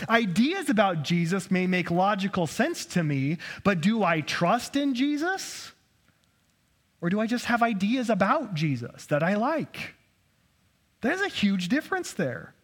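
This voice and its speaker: Higher-voiced pastor giving a casual sermon. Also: male voice, fairly bright tone. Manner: conversational, self-deprecating, rhetorical questions.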